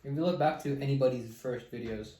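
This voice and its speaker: A man's voice: medium pitch, quick pace, dark tone, reverberant, rough recording. A young man hosting a podcast, talking in a laid-back, slangy casual way. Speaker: podcast host. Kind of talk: casual chat.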